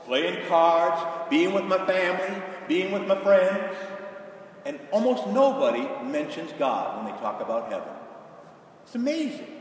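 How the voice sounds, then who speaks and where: A man preaching a sermon, his slightly high voice pleading and emphatic as he acts out the voices in his story. He sounds far from the microphone, with long reverb rolling through a large church and a faint hiss underneath. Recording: echoey hall from far off.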